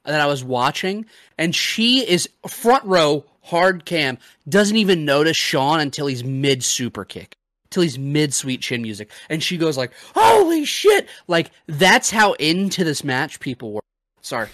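A man hosting a casual podcast, recapping a match in a relaxed way with many fillers. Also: a little high, measured pace, no echo, studio quality. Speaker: podcast host.

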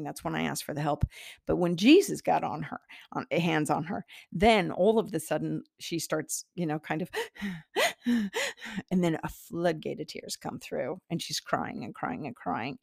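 A middle-aged woman with a low voice tells a personal story in an earnest, meandering way. Her tone is gravelly, full of fillers and false starts, and the sound is dry and close. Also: dry recording. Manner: earnest, rambling, many fillers and restarts. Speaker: podcast host, healer.

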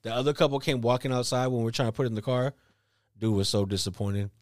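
A man's voice: medium pitch, quick pace, a little mellow, no echo, studio quality. A man telling rambling, profane stories in casual podcast chat. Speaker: podcast co-host.

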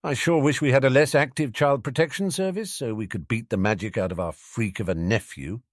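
A man's voice: medium pitch, very animated, normal speed, husky, no echo, studio quality, pitched above the performer's own voice. A man voicing a sarcastic, cheeky teenage boy wizard in a storybook reading, teasing and mock-dramatic. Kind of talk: audiobook character reading.

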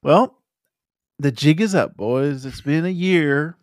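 A male co-host of a casual gaming podcast reads news aloud playfully, teasing and laughing often. His fairly high-pitched voice moves at a slow pace in a dry, studio-quality recording.

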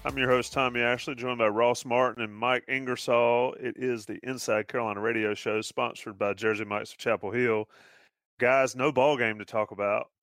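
A man hosting a casual sports talk radio show, speaking in a relaxed, halting way with plenty of fillers. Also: medium pitch, no echo, studio quality, faint music behind.

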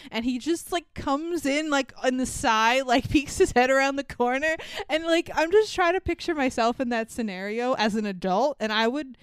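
Crisp-voiced woman podcast host. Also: high-pitched, normal speed, no room sound, studio quality. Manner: profane, laughing, acts out quotes. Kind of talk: casual chat.

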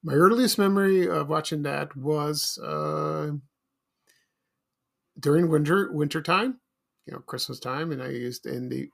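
A man's voice: a little high, a little slow, gravelly, a bit bright. A middle-aged man from Chicago hosting a casual solo podcast, rambling and nostalgic with many fillers and restarts. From Chicago, USA. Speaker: podcast host.

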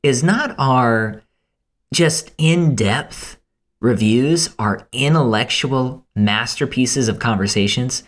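A man's voice: medium pitch, slow. A man co-hosting a film podcast in casual, joking banter, laughing often. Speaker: podcast co-host.

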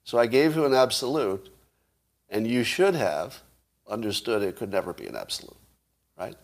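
Animated and moderately paced, this medium-pitched male livestream host makes his case in a casual stream. He pitches rhetorical questions to his viewers and lets out an occasional chuckle.

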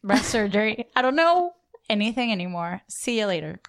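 A woman's voice: medium pitch, very animated, fairly quick, fairly bright tone. A woman co-hosting a casual podcast chat, playful and joking. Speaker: podcast co-host.

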